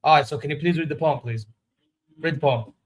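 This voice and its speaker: A man's voice: on the high side, brisk. A man hosting a wrestling reaction vlog, giving candid, opinionated, rambling commentary. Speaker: wrestling reaction channel host.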